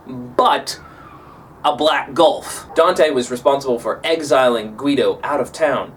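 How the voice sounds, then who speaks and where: A man teaching a literature lesson in an animated, playful lecturing manner. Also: medium pitch, unhurried. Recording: distant mic, faint background noise.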